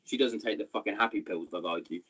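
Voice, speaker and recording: A man's voice: fairly low pitch, quick pace, low-quality recording. Sweary English man chatting casually. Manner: sweary and animated. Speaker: podcast host. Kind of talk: casual chat.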